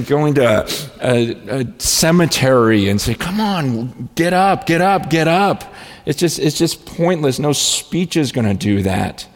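A man preaching a sermon as a pastor, telling a story with frequent restarts and repeated words. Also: medium pitch. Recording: long hall reverb.

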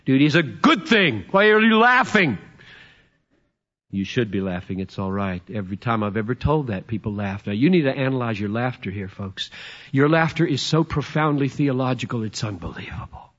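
A man in his fifties preaching a sermon, emphatic and playful, swinging from loud to hushed. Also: medium pitch, very animated, moderate pace, muffled recording. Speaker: pastor.

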